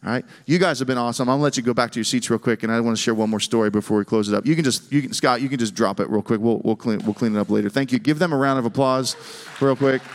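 A middle-aged man preaching and telling a story, animated, with frequent restarts and a voice that jumps higher when excited. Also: racing. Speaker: guest speaker. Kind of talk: sermon storytelling. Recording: long hall reverb.

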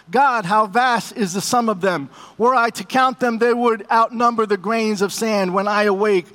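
Middle-aged male pastor, very high voice, emotional storytelling sermon to the congregation. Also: a bit bright.

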